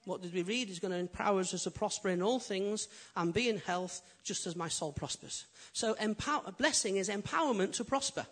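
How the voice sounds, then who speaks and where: A man preaching a sermon as pastor, swinging from loud, emphatic build-ups to quiet, intimate asides. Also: high-pitched, fairly quick, hardly any pauses. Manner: animated preaching, rising loud then dropping quiet.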